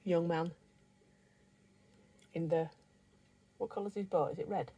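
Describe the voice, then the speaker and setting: A woman's voice: lowish voice, steady tone, measured pace, warm tone, husky. A woman chatting casually to camera as a vlogger on a canal boat, teasing and laughing often. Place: on and beside a canal narrowboat, outdoors. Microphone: phone camera.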